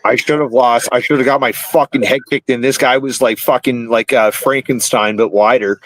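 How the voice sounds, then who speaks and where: A man's voice: medium pitch, fairly even intonation, moderate pace, fairly bright tone, dry recording. Rambling, profane man in his thirties. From Canada. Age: 30s. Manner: rambling, heavily profane, filler-laden storytelling. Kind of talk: casual podcast chat, storytelling.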